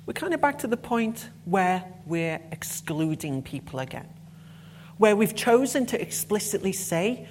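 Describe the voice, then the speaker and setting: A woman's voice: medium pitch, very animated, a little slow, a little mellow, a little hiss or hum. A woman giving a conference talk, passionate and emphatic, with blunt swearing when annoyed. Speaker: conference speaker.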